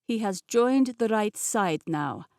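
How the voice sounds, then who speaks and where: A woman voicing a scheming, smooth-talking man with a Russian accent, speaking in a slow, patronizing way. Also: mid-range voice, lively intonation, a little mellow, no room sound, clean studio sound. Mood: smug.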